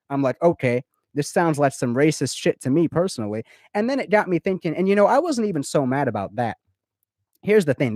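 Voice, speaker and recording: A man in casual chat, telling a story in an animated way, full of swearing and repeated words. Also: mid-range voice, dry recording, studio quality. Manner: animated, profane, repeats himself. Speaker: guest in a recorded conversation. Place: lives in Florida.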